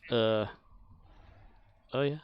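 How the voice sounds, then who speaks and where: A man's voice: mid-range voice, steady tone, very slow, clean tone, no echo, lo-fi sound. A man streaming a game, rambling to himself and mocking his own mistakes. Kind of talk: casual gaming commentary.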